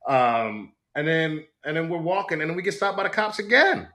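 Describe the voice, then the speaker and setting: A middle-aged man guest in a casual interview, telling a story with lively acted-out quotes. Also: moderate pace. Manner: animated storyteller, acts out quotes with big pitch jumps. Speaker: actor guest.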